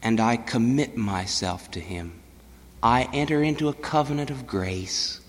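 A man preaching a sermon, swinging between loud declarations and hushed, low-pitched passages. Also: unhurried, big-room sound.

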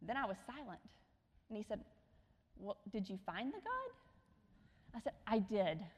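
A middle-aged woman preaching a sermon, telling stories with acted quotes and sometimes dropping to a hushed tone. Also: medium pitch, wildly swooping pitch, a little slow, breathy edge. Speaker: missionary speaker. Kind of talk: sermon storytelling. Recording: long hall reverb.

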